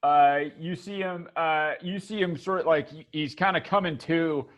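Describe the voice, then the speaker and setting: A man's voice: on the high side, moderate pace, fairly bright tone. A man running a tabletop game as game master, talking hesitantly with many restarts.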